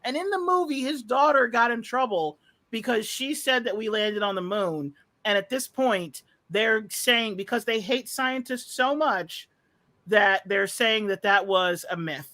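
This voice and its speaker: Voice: mid-range voice, unhurried, bright, forceful tone. A podcast host ranting casually about a movie, profane, sarcastic and exasperated, rambling with fillers. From United States.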